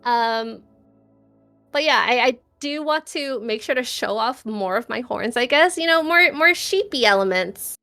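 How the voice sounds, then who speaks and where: A high-pitched woman chats casually as a podcast guest. She giggles often and keeps a playful, bubbly flow, with faint music in the background. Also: lively intonation, unhurried, bright, forceful tone. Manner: giggly, chatty, laughs often. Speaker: guest vtuber.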